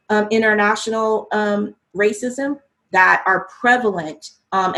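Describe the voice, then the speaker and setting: A woman from the United States speaks as an interview guest, her voice sitting at an ordinary middle pitch. She tells a reflective story at a conversational pace, often pausing on ums and restarting her sentences. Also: a bit bright, poor audio.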